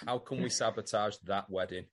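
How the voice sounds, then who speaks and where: A man's voice: lowish voice, brisk. A man co-hosting a podcast, teasing and cracking crude jokes in casual chat. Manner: joking, teasing, crude banter. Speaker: podcast co-host.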